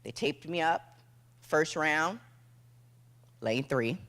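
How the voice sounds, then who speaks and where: A woman giving a motivational keynote speech on stage, telling a dramatic story in short punchy phrases and dropping to a hush at tense moments. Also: deep voice, takes it slowly. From United States. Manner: acts out quoted voices, drops to a hush for tense moments. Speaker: motivational speaker. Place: event stage before an audience.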